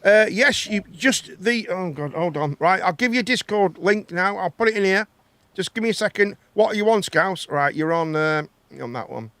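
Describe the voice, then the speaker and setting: A man's voice: high-pitched, expressive, normal speed, bright, forceful tone, dry recording. Rambling jokey man. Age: 30s. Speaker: host. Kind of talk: casual live chat show.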